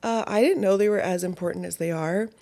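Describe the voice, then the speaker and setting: A young woman hosting her own podcast, chatting casually in a rambling way with lots of fillers and swearing, sounding a bit low. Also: a little fast, vocal fry, warm tone. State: low-spirited. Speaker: podcast host. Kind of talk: casual solo podcast chat.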